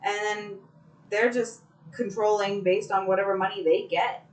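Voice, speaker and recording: A woman in casual co-host chat, voice at an ordinary middle pitch. She rambles through opinions, restarting and cursing casually. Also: steady tone, normal speed, rough recording.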